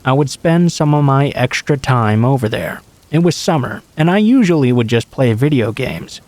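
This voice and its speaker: A man narrating true scary stories in a steady, matter-of-fact reading voice. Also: medium pitch, normal speed, no echo. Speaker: horror story narrator.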